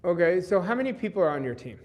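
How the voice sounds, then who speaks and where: A man with a notably high voice addresses a seminar crowd from an event stage. He talks in an earnest coaching manner and repeats his key points for emphasis. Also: big pitch swings, fast talker, darkish tone. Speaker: business coach leading a live workshop. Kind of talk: motivational seminar talk.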